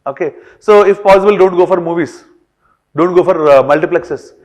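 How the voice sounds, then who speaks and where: Male teacher with a high voice; lectures in a classroom, checking in with the class often. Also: moderate pace, lo-fi sound. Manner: frequent fillers and checks like "right or wrong?".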